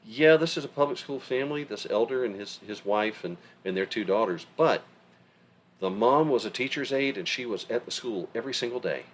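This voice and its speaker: A man's voice: medium pitch, brisk, slight background noise. A middle-aged man co-hosting a podcast, talking in a casual, emphatic way. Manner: animated, emphatic storytelling. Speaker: podcast co-host. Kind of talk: casual conversation.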